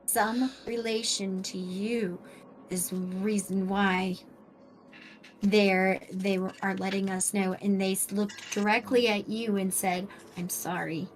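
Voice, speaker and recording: A woman playing a tabletop game, explaining things to the group slowly and deliberately. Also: medium pitch, fairly even intonation, slight background noise. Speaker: player. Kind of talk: casual chat at a game table.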